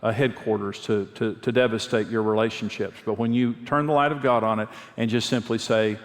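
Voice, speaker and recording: A man's voice: lowish voice, steady tone, brisk. A man preaching a conversational sermon, telling personal stories earnestly and repeating his key phrases. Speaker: pastor and marriage speaker. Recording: long reverb of a large hall.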